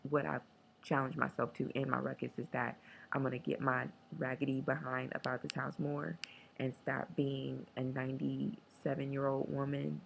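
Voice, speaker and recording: A woman talking candidly in a casual video diary, emotional and joking, sometimes breaking into a squeaky high chant. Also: vocal fry, husky, poor audio. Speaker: vlogger.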